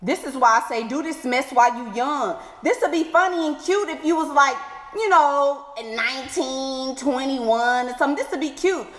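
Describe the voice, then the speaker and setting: A woman's voice: high-pitched, fairly bright tone. Sassy woman in an echoey room. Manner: sassy, exclaiming, playful drawn-out asides. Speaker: advice vlogger reading letters. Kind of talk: animated advice commentary. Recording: echoey room with long reverb.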